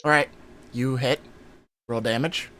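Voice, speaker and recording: Bright-voiced man running a tabletop game. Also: medium pitch, steady tone, measured pace, slight background noise. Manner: joking, swears freely. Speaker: dungeon master. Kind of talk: casual game narration.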